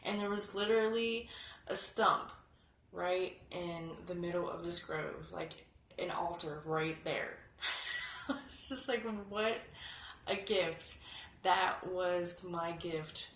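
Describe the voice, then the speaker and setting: Slow, soft-spoken woman in an echoey room. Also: fairly low pitch, fairly even intonation. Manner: chatty, often drops to a hushed murmur. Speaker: spiritual vlogger. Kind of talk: casual how-to demonstration. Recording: echoey room with background noise.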